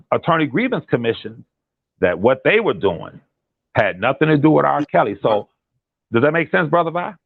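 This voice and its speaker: A man, a guest on a call-in commentary chat, talking in an animated, repetitive and emphatic way. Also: on the high side, creaky, no echo. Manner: animated, repetitive and emphatic, drops into imitated quotes. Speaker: guest on a commentary channel, relative of a defendant. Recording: tinny phone line.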